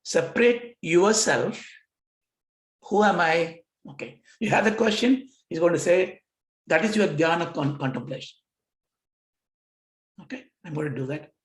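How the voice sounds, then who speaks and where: A man teaching yoga philosophy, acting out questions and answers with himself. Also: sits high. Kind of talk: lecture on scripture. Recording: roomy echo.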